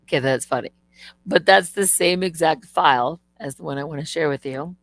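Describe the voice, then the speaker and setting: A woman's voice: low voice, moderate pace, no echo. Dry-sounding ranting woman streamer. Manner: animated, indignant, swears freely. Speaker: live stream host. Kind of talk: casual live stream rant.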